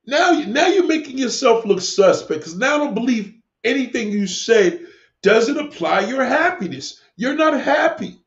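A man with a high voice hosts a livestream and lectures his chat in a combative, preachy rant, cursing freely and repeating himself. His voice rings in an echoey room, and the recording is dull and lo-fi. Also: very animated, normal speed, a bit bright. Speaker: livestream host answering chat. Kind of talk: live-stream rant.

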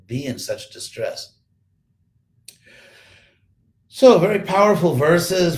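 A man leads an online scripture class, walking through Sanskrit terms one word at a time. He speaks slowly and often repeats a word while he searches for the next. His voice sits at a mid pitch and carries a noticeable echo from the room. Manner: slow, explanatory, repeats words while thinking. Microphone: computer mic.

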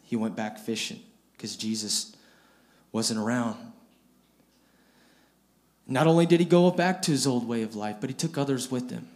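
A man's voice: medium pitch, expressive, normal speed, long pauses, darkish tone. A man preaching a storytelling sermon, retelling scripture in plain everyday speech and often repeating and restarting his phrases.

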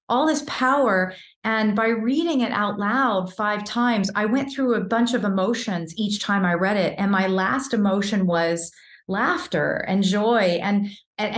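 A woman in her fifties, a vocal coach, talks candidly and with animation about her own experience. Her voice sits at an average pitch for a woman. The recording has a noticeable roomy echo. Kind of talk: casual interview talk.

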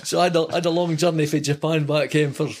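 Husky older Scottish man telling stories. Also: on the high side, fast. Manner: animated anecdote-telling with swearing and laughter. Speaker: podcast guest, former player. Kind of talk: casual storytelling.

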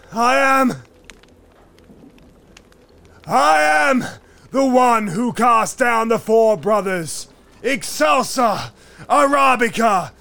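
A man playing a devout wizard narrating his tale in a solemn, mock-epic way, at times shouting proclamations. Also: extremely high pitch, gravelly, heavily acted. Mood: ecstatic shouting. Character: wizard narrator, devout, obsessive, later frenzied. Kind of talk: first-person dramatic storytelling.

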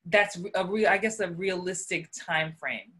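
A woman's voice: on the low side, moderate pace, a bit bright, husky. A woman hosting a podcast interview who asks questions in an enthusiastic, chatty way and laughs easily. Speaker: podcast host. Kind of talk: casual interview chat.

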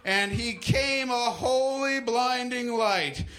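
A man's voice: very high-pitched, slow, fairly bright tone. A man reading comic fan fiction aloud to a comedy club crowd with mock drama.

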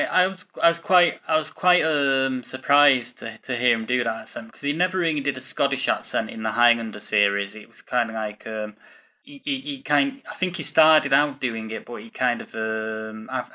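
Man, interviewer, bright and forceful tone, mid pitch, hesitant with lots of fillers. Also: steady tone, normal speed. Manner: hesitant, many fillers and restarts. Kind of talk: casual interview conversation.

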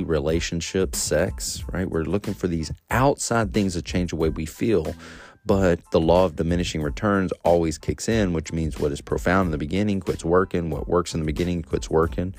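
A man hosting a solo podcast, telling a personal story in a lively, casual way and talking straight to his listeners. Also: low voice. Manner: animated storytelling, addresses listeners directly. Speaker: podcast host.

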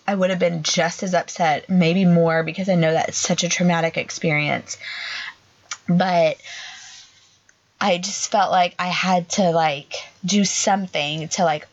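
A young adult woman, a podcast co-host, tells an emotional personal story in a halting way, full of "like" fillers. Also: fairly low pitch. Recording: dull lo-fi sound.

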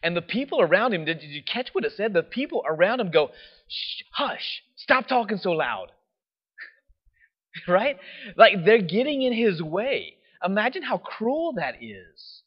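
A man preaching a sermon, telling the story with animated emphasis, often asking "right?", and dropping to a soft, slow voice for reflective points. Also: high voice, breathy edge. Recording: dull lo-fi recording.

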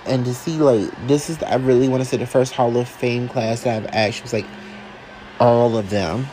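A man reacting live as a fan, excitable and emotional, talking casually and sassily to his viewers. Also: medium pitch, moderate pace, slight background noise, rough recording. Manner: casual and sassy, calls listeners y'all and honey. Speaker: wrestling fan vlogger.

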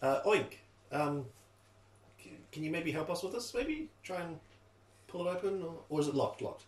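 Tentative higher-voiced man at a game table. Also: expressive, moderate pace, reverberant, recorded from a distance. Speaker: player.

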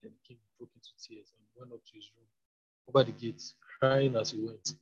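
Husky man reading scripture, lo-fi. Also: mid-range voice, steady tone, a little fast, no echo. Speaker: scripture reader. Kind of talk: Bible reading. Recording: dull lo-fi recording.

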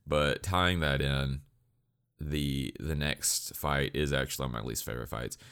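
A man's voice: a bass voice, steady tone, unhurried, creaky, a bit bright, smooth. A young man giving a blunt, profane, sarcastic anime review in casual ranting commentary.

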